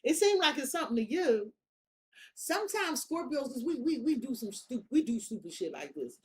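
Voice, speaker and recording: Blunt, high-voiced woman reading tarot. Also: sing-song, moderate pace, darkish tone, slight background noise. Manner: blunt, profane, slangy and emphatic. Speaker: tarot reader. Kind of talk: casual tarot reading monologue.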